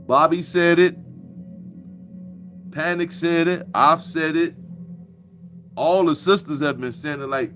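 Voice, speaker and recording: Guy ranting, cussing a lot, kinda preachy and mocking, slightly high voice, faint music behind. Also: slow, pauses often, a bit bright. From Chicago. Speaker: commentator. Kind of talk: casual monologue.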